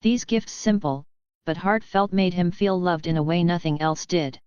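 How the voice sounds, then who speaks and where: A woman reading a fan novel aloud as an audiobook narrator, in an even, steady storytelling voice. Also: lowish voice, moderate pace, clean tone, no echo, dull audio.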